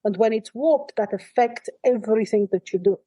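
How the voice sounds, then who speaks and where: A woman channelling a calm, ancient spirit. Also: on the high side, no room sound, close to an everyday voice, low-quality recording. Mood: calm, measured. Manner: calm, measured, dryly wry. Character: ancient wise spirit speaking through a woman. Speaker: trance medium. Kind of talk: channelled trance talk.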